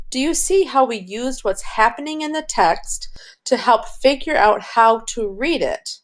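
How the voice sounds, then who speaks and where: A woman teacher giving a recorded reading lesson, speaking in a clear, deliberate classroom manner and addressing her students directly. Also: fairly high pitch, animated.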